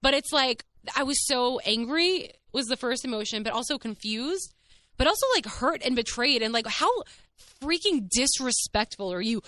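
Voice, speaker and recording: Frank woman podcaster, bright tense voice, dry close sound, chatty and animated. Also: high voice, normal speed, no echo. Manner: frank, animated, heavy use of "like"; swears casually. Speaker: podcast host. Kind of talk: candid casual storytelling.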